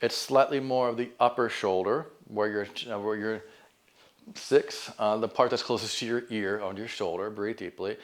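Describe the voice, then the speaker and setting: A man leading a stretch band exercise class, calmly counting down reps and cueing deep breaths. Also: moderate pace, few pauses. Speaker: fitness instructor. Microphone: camera mic.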